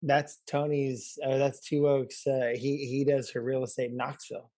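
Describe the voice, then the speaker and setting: A man hosting a podcast and telling an animated story, repeating himself and swearing casually. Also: medium pitch, moderate pace, no room sound, studio quality. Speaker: podcast host. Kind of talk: casual chat.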